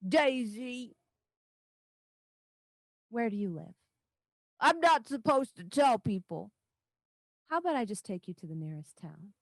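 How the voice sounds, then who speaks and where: A woman voicing a sulky young girl who has lost her magic, whiny and halting, in a tabletop game. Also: on the high side, very animated, dry recording, exaggerated voice. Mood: sulky, indignant.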